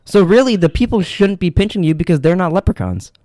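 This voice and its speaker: A man's voice: high-pitched, animated, fast, warm tone, no room sound, studio quality. A young man co-hosting a podcast, telling rambling, profane stories in casual chat. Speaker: podcast co-host.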